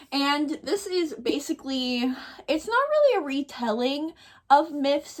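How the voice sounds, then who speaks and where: A young woman in a casual vlog, gushing and chatty with fillers as she talks about her reading. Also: a little high. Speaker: book vlogger.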